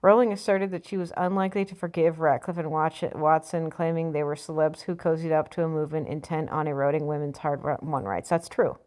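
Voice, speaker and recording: A woman's voice: low voice, fairly even intonation, fairly quick, few pauses, a little mellow. Blunt, sarcastic woman ranting. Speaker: vlogger. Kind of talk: opinion vlog reading an article.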